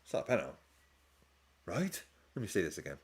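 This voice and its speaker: A man's voice: sits low, huge pitch swings, fast. A man with a casual, rambling manner, chatting and laughing often as he hosts a live football watch-along stream.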